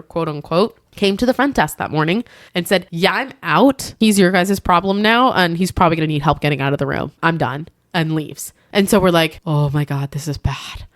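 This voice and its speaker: A woman's voice: on the low side, no echo, studio quality. A woman podcast host telling a work story in casual chat, acting out the people she quotes. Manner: animated, acts out quoted voices.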